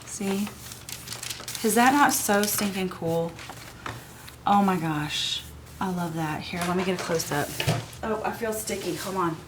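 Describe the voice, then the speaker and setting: A woman's voice: fairly low pitch, unhurried, pauses often, noisy background. A woman, sniffly, chattily teaching an art journaling craft technique while she works at home. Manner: chatty and gushing, talks while working. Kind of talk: casual craft tutorial.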